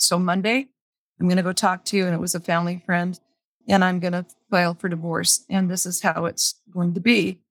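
A woman with a lowish voice is a podcast guest, candidly telling her own story in plain language and repeating phrases for emphasis. The recording is studio quality with no echo.

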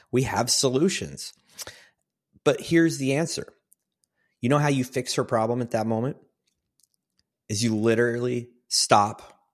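A middle-aged man hosting a solo podcast, giving earnest conversational advice to other men. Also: medium pitch. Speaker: podcast host.

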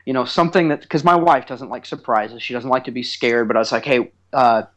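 A man in his thirties, co-hosting a podcast, telling comic stories in a casual chat with an animated, teasing, self-mocking manner. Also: mid-range voice, a little fast. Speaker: podcast co-host.

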